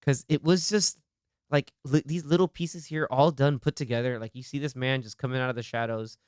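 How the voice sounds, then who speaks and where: Young male host, mid-pitched smooth voice, animated retelling, dry close sound. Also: fairly quick, dry recording. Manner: excited, acts out movie lines while retelling scenes. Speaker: podcast host. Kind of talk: casual movie chat.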